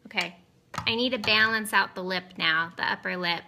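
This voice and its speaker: A woman's voice: medium pitch, normal speed, gravelly, sharp tone, slight background noise. A woman in her thirties chatting casually on a live stream, giggly and rambling off on tangents. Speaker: cosmetics seller streaming live. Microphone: webcam or phone on camera.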